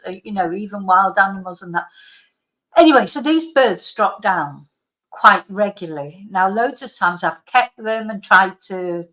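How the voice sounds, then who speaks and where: A woman's voice: medium pitch, fairly bright tone, rough recording. A woman vlogger chatting casually at home, telling a long rambling story full of asides and digressions. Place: at home by a computer.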